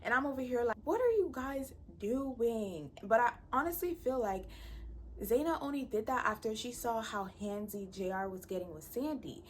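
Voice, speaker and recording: A woman's voice: a little high, fairly quick, a little hiss or hum. A woman giving a blunt, profane, exasperated recap of a reality show. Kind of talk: casual ranting recap.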